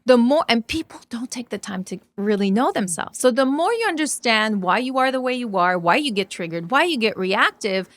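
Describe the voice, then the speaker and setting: A middle-aged woman, a relationship coach, chatting casually on a podcast and retelling stories with lively quoted dialogue. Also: fairly high pitch, fairly quick, hardly any pauses. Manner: storytelling, animated retellings of dialogue.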